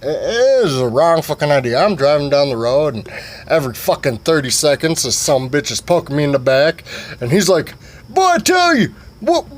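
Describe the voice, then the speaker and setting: A man telling a rambling, profane comic story in an animated way. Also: on the high side, a little fast.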